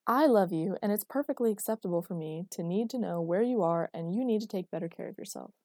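A woman's voice: mid-range voice, fast, mellow, no room sound, studio quality, close to an everyday voice. A woman voicing an intense protective young man. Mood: insistent.

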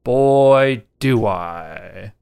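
A man co-hosting a podcast, casually reviewing a movie with lots of fillers and trailing off quietly. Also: medium pitch, expressive, very slow, gravelly, smooth. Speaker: podcast co-host.

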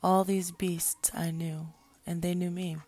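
A woman's voice: fairly low pitch, little pitch movement, a little slow, mellow. A woman voicing a solemn divine man. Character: calm, solemn divine man speaking with authority.

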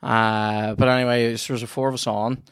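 A man's voice: mid-range voice, little pitch movement, brisk, a bit bright, clear, resonant tone, no room sound, clean studio sound. A young man with a Northern Irish accent, a comedian hosting a podcast, telling stories in casual chat and swearing freely. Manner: rambling storyteller, swears freely.

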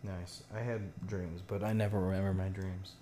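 Deep-voiced young man, dry teasing co-host. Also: little pitch movement, normal speed, mellow, echoey room, a little hiss or hum. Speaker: podcast co-host. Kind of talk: casual chat. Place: indoors, TV on nearby.

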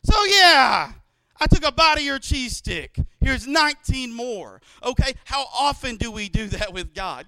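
A man in his thirties preaching a sermon in church, telling stories and acting out quotes with lively energy. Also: extremely high pitch, moderate pace, smooth, no echo. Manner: animated storytelling with acted-out quotes. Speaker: pastor.

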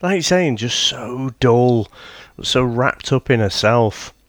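A man's voice: mid-range voice, lively intonation, slow pace, dry recording. A man co-hosting a podcast, casually discussing a TV show, laughing easily and speaking expressively. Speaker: podcast co-host. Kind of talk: casual chat reviewing a TV show.

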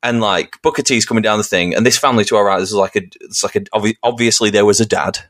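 A man with an English accent, co-hosting a casual podcast chat and telling sweary stories with acted-out shouts. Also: lowish voice, very fast. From England. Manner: sweary storytelling, acting out shouted quotes. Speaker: podcast co-host.

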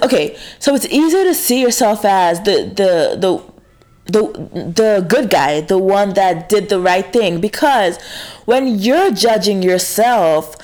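A woman's voice: mid-range voice, a little mellow. Frank, swearing woman rambling casually. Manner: frank, swears freely, many fillers and restarts. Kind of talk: casual confessional monologue.

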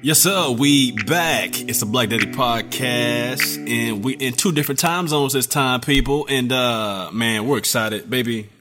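A man's voice: mid-range voice, measured pace, few pauses, bright, forceful tone, soft background music. A middle-aged man hosting a podcast, upbeat and talking straight to his listeners. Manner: upbeat, speaks to the listeners directly. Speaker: podcast host. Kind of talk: casual interview chat.

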